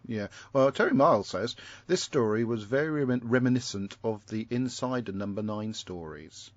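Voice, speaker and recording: A man's voice: medium pitch, expressive, normal speed, no room sound, highs cut off. A man hosting a podcast, reading out listener feedback in a casual, rambling way with chuckling asides and frequent self-interruptions. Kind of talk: casual chat.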